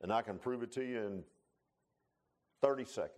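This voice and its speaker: A man preaching a sermon in a folksy, animated way, often calling listeners "man.". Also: medium pitch, moderate pace.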